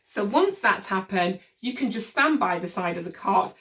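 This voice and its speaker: A woman teaching parents a soothing technique for settling a baby, speaking calmly and patiently and demonstrating soft shushing. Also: medium pitch, moderate pace. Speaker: baby sleep consultant. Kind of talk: instructional demonstration. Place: room with a changing mat set up as a crib. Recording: voice from a distance from the mic.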